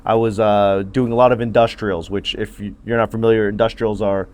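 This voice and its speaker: A man co-hosting a casual podcast chat outdoors, telling stories with a quick, joking manner. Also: on the low side, flat delivery, a little mellow. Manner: storytelling, quick to joke and laugh. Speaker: podcast co-host. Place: backyard, outdoors. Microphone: phone livestream.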